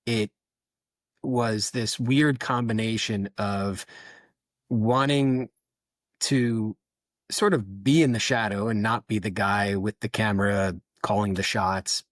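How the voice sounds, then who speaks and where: Low-voiced man, candid and reflective. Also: dry recording. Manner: candid, self-deprecating, storytelling. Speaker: photographer, podcast guest. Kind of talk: reflective interview talk.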